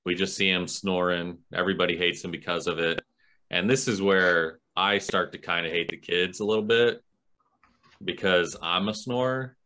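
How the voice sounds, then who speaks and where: A man's voice: low voice, steady tone, normal speed, bright, forceful tone. A man co-hosting a podcast, self-deprecating and laughing, acting out characters in a casual movie review chat. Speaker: podcast co-host.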